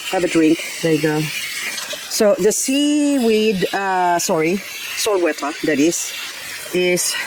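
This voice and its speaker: A woman with a lowish voice vlogs while watering her garden, chatting casually as she works and talking fondly to her plants. Background noise can be heard.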